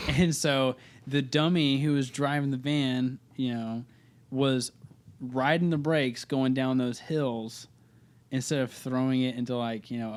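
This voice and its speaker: Rambling young man telling a story. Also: mid-range voice. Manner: rambling, profane, self-interrupting. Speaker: podcast guest, band singer. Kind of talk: casual storytelling chat.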